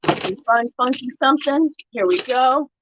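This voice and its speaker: A woman's voice: high-pitched, expressive, moderate pace, background noise. A woman hosting a casual craft livestream, chatting with viewers and gushing with thanks. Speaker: livestream host.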